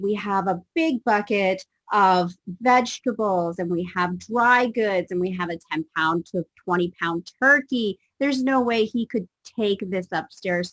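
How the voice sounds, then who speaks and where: A woman guest telling a personal story in conversation, animated and acting out the voices in it. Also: medium pitch, dry recording, rough recording. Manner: animated, acts out voices in her stories. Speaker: guest speaker.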